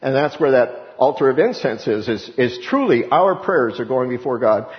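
A male pastor delivers an animated sermon and slips into voices for the people in the scripture, jumping up in pitch as he does. His voice rings out with a long reverb in a large hall. The sound is dull and muffled. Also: moderate pace. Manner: animated preaching, acts out scripture voices with sudden rises in pitch.

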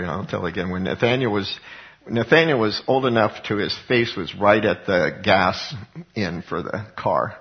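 A middle-aged man preaching a sermon, telling a personal story with lively swings up into high exclaimed passages. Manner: animated storytelling, voice jumping high for acted quotes. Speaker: pastor. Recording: dull lo-fi recording.

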